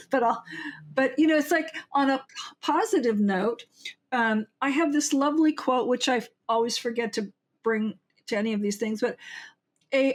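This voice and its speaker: An older woman, a guest author on a podcast, telling rambling stories with quoted asides in casual conversation. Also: a little high.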